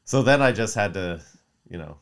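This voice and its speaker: A man in his thirties, a podcast co-host, telling a long story in casual chat, animated and profane, acting out quotes. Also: lowish voice, moderate pace. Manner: mimics voices in quotes.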